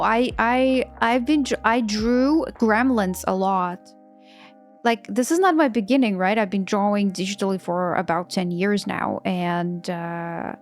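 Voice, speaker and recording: A woman in her thirties chatting casually on a live stream while she draws, enthusiastic and often restarting her sentences in non-native English. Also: mid-range voice. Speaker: artist streaming while drawing. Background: faint background music.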